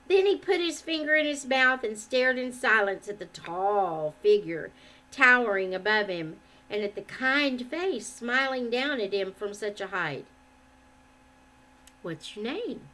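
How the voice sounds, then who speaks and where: A woman reading a children's book aloud in an expressive, measured way. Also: medium pitch. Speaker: storyteller.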